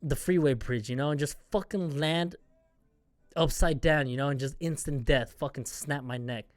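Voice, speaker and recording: A man's voice: fairly high pitch, moderate pace, no room sound. A man hosting a solo podcast, venting in a rambling, profane, self-mocking casual rant. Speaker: podcast host.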